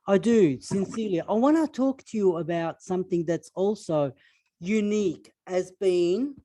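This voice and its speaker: This is a male radio host whose first language is Arabic, interviewing a guest over a video call. He talks in a halting way, restarting phrases and leaning on fillers as he feels his way toward a point. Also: sits high, warm tone. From Egypt.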